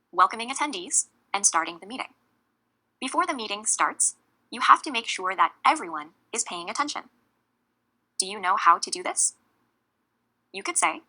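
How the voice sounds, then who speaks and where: A woman narrating a scripted English lesson, speaking clearly and slowly with deliberate emphasis on key words. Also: medium pitch, pushed and bright, poor audio. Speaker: English teacher.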